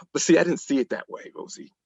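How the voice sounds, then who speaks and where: A man as a podcast guest, telling anecdotes in an animated way and acting out the quotes. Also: moderate pace, no room sound, lo-fi sound. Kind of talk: storytelling in a podcast conversation.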